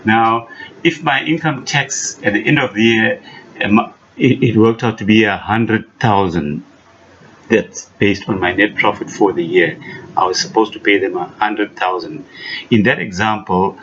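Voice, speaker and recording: A man's voice: on the low side, measured pace, a bit bright. A man from South Africa teaching an accounting lesson, patient and emphatic, repeating key points with frequent restarts. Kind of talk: classroom lesson explanation. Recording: dull lo-fi recording with faint noise.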